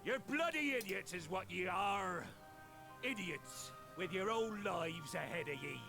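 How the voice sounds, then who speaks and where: An actor playing an older, gruff pirate captain who talks in old-fashioned pirate speech and gives stern, rousing speeches. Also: male voice, high voice, expressive, unhurried, heavily acted. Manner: scolding, rousing oratory. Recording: game audio under music.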